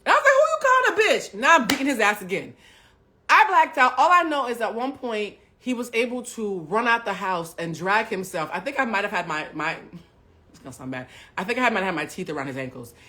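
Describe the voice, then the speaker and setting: A woman hosting a live stream, telling a personal story to her chat with lots of swearing. She drops to hushed asides, then bursts out loud. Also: medium pitch, expressive, a little fast. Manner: profane, swings between hushed asides and loud outbursts; talks directly to live chat.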